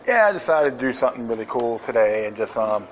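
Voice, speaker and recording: A man's voice: medium pitch, expressive, fast talker, low-quality recording. A man hosting a podcast, talking in a rambling, sarcastic casual monologue. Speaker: podcast host.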